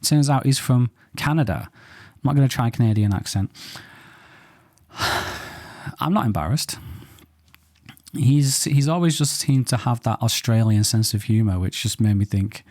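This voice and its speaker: A man's voice: mid-range voice, moderate pace, pauses often, a little mellow, dry recording, studio quality. A man hosting a photo reaction show, chatting casually and thinking aloud with playful banter. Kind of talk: casual commentary on viewer photos.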